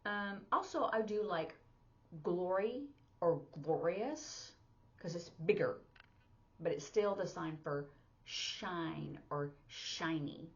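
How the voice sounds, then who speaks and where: Chatty woman teacher, low voice. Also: lively intonation, takes it slowly, muffled recording. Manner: chatty, explains each sign step by step with fillers. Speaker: sign language teacher. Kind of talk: casual instructional lesson.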